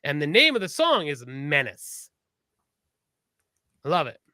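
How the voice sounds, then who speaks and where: A man co-hosting a podcast talks in a relaxed, rambling way, stopping to correct himself as he shares music he loves. His voice sits a little high and sounds bright and sharp. The recording is dry and close, with no room sound. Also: measured pace, dry recording. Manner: rambling, self-correcting, enthusiastic about music. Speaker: podcast co-host. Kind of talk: casual chat.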